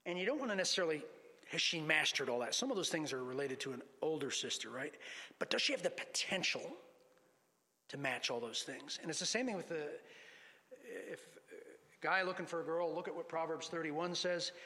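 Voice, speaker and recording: A man's voice: fairly high pitch, expressive, a little fast, pushed and bright. A man preaching a sermon to a congregation, teaching lessons from scripture and reading passages aloud. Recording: long hall reverb.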